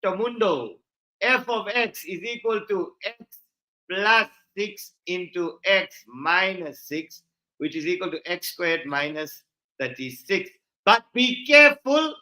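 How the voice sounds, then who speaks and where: A man's voice: high-pitched, sharp tone. A man with a South African accent teaching an online maths lesson, joking and bantering in slang between explanations. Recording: roomy, dull lo-fi stream audio.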